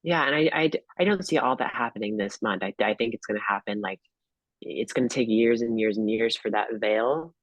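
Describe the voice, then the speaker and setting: A man's voice: lowish voice, brisk, no room sound, poor audio. Hesitant young man, dry close sound. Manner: hesitant, restarts, lots of "like" and "um". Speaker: guest tarot reader. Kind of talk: casual chat.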